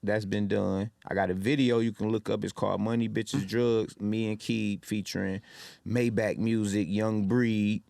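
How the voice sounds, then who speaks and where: Detroit guy in his 30s on a podcast, dry close mic, gets loud acting out quotes. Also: on the low side, normal speed, gravelly, no room sound. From Detroit, Michigan. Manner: animated storyteller, loud when acting out quotes. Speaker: rapper and podcast guest. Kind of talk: casual storytelling.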